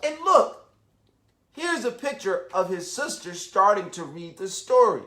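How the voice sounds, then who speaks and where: Taking his time, a man patiently reads a picture book to young children in a bright, ringing voice with big pitch swings that leap up and down. He regularly stops to ask his listeners questions and to pause in wonder.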